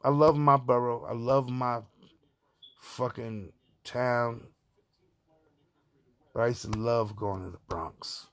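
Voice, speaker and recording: A man's voice: mid-range voice, steady tone, slow, long pauses. A man from Far Rockaway, Queens, with a New York accent, talking through a profane, rambling opinion monologue as a podcast host.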